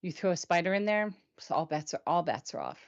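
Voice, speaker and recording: A woman's voice: lowish voice, animated, brisk, highs cut off. A woman hosting a weekly review show, chatting casually and animatedly with her co-host and viewers.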